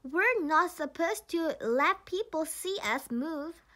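A shy snowman come alive in a storybook, read by a woman with a Korean accent. The voice is soft and apologetic, high-pitched, and slow. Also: lively intonation, exaggerated voice.

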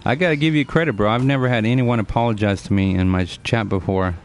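Earnest streamer man in his forties, lowish voice. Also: fast talker, a little hiss or hum. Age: 40s. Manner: earnest, lecturing, repeats himself, addresses chat by name. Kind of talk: casual live-stream chat.

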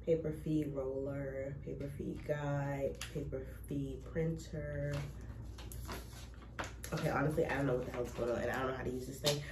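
A woman's voice: a bass voice, fairly even intonation, normal speed. A woman vlogging as she unboxes a label printer, emotional and close to tears, rambling with restarts and gushing thanks. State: teary, close to crying. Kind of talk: casual chat to camera. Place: cluttered home recording room. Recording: echoey room, distant mic, noisy.

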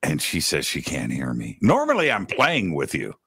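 A man's voice: a bass voice, huge pitch swings, normal speed, creaky, a bit bright, breathy edge, no room sound, studio quality. A man co-hosting a live talk show, chatting casually and rambling with lots of fillers. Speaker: radio host, co-host.

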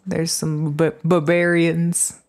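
A woman streaming a strategy game live, teasing her chat in a playful, excitable way. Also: deep voice, slow. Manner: excitable outbursts. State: just woke up. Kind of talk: casual live gaming commentary.

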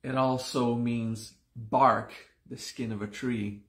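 A man teaching a live-streamed class, slow and deliberate, repeating each term several times, sounding like he has only just woken up. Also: medium pitch, steady tone, fairly bright tone, reverberant. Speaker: yoga teacher.

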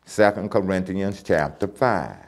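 A man's voice: sits low, a little slow. A man teaching a church Bible lesson, emphatic and repeating key phrases as he reads scripture aloud.

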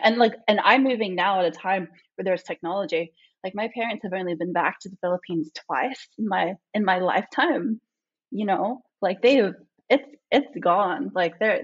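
A woman's voice: mid-range voice, slightly rough, lo-fi sound. A woman with an Australian accent tinged with an American twang, talking in a chatty, reflective way as a podcast guest, full of "like" fillers. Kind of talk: casual conversation.

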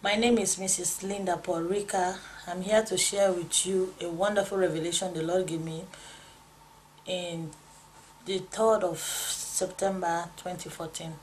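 A woman's voice: on the low side, fairly even intonation, measured pace, a little hiss or hum, rough recording. A woman telling a dream testimony in a church setting, earnest and storytelling, repeating lines as her feeling rises. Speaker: pastor's wife sharing a dream testimony. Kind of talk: spoken testimony.

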